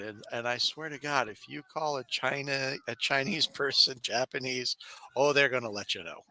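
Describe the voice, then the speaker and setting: A man's voice: medium pitch, normal speed. A man co-hosting a casual podcast chat, telling stories with frequent laughter and acted-out quotes. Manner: animated storyteller, laughs often, acts out quotes. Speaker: podcast co-host.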